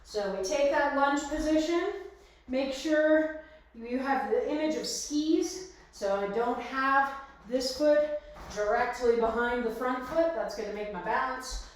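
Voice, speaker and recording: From a home exercise space, a woman fitness instructor leads a live workout class, chatty and encouraging and full of fillers. Her high voice is unhurried and sounds distant from the mic, in a very echoey room.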